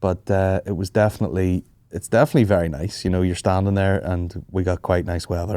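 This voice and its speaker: A man with a low voice chats on a podcast, swearing freely and acting out the people in his stories. The sound is close and dry, with no room around it. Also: a little fast, few pauses, no room sound. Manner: swearing, animated storytelling with mimicked voices. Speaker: podcast host. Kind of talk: casual chat.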